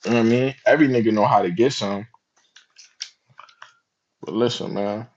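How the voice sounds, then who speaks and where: A man's voice: fairly low pitch, moderate pace, a little mellow, muffled recording, slight background noise. A man giving slangy, emphatic reaction commentary, often asking rhetorical questions. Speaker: commentary vlogger.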